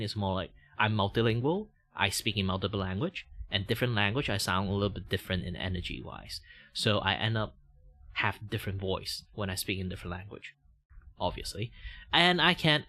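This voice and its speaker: A man's voice: on the low side, pushed and bright. A man with a Malaysian English accent, chatting casually on a livestream while drawing, rambling with lots of filler words and casual swearing.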